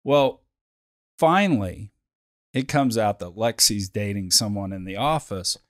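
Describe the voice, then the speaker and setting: A man co-hosting a podcast, telling a workplace story in casual chat, with lively acted quotes. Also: on the low side, unhurried, no room sound, studio quality. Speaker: podcast co-host.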